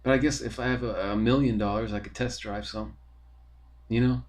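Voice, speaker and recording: A man's voice: medium pitch, steady tone, normal speed. A young man, talking in a rambling, profane, casual monologue full of fillers as a podcast host.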